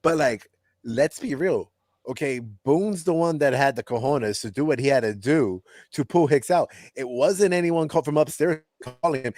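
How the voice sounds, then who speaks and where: A man's voice: mid-range voice, moderate pace, darkish tone, no echo, studio quality. A man co-hosting a sports podcast, talking loosely and conversationally with lots of "like". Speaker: podcast co-host. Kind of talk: casual sports chat.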